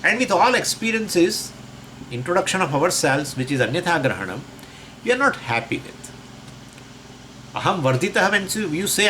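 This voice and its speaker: A man's voice: fairly high pitch, very animated, moderate pace, sharp tone, slight background noise, low-quality recording. A man teaching a lecture on Sanskrit scripture. He explains the terms in English and asks and answers his own questions.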